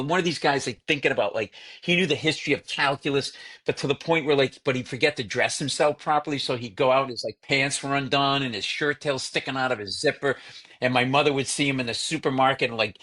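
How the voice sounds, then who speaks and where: Comedian guest, male, animated storyteller who does the relatives' voices. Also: medium pitch. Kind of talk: storytelling in casual chat.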